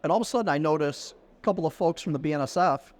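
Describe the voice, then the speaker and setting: A man's voice: a little high, racing. A middle-aged man, a podcast guest, telling a casual anecdote and acting out the dialogue as he goes. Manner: lively storyteller who acts out quoted dialogue. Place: conference venue.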